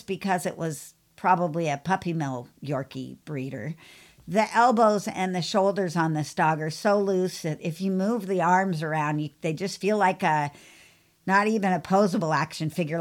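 A woman pet groomer who hosts a podcast, telling a long story in a chatty, animated way. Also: fairly low pitch. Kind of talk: casual storytelling.

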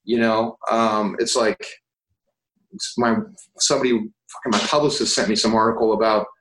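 A man telling stories in a casual interview, lively and profane, acting out what others said to him. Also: fairly low pitch, normal speed, reverberant, poor audio. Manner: animated, swears, acts out quoted voices. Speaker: guest actor.

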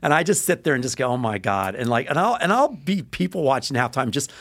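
Fast-talking man hosting a podcast. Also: a little high, big pitch swings, fairly bright tone. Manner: rapid storyteller, acts out voices, many restarts. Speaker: podcast host. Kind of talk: casual chat.

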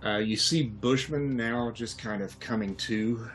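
A man's voice: medium pitch, unhurried, fairly bright tone. A man narrating a tabletop game as game master, rambling and hesitant. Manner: rambling, hesitant with many fillers.

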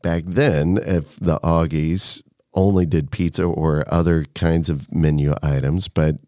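A deep-voiced man hosting a relaxed interview, his voice sitting very low. He asks friendly, leading questions and answers with short agreeing words. The recording is dry and close to the mic. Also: measured pace, dry recording. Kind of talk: casual interview.

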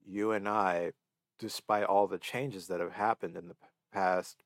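Earnest young man, stuffy gravelly voice. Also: deep voice, fairly even intonation, unhurried, no room sound, clean studio sound. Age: 20s. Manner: earnest, emotional, reflective. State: sniffly, stuffed-up from crying. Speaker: podcast co-host. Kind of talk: casual chat.

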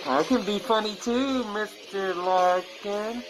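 Boastful man over loud guitar music. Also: sits high, expressive, low-quality recording. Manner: boastful, slow and deliberate, menacing. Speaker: wrestling promo cutter. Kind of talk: scripted wrestling trash-talk promo. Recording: guitar music playing loudly behind.

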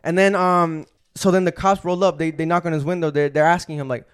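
A man's voice: a little high, level tone, fairly quick, smooth. A young man hosting a podcast, telling a story in casual, profane street slang. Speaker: podcast host.

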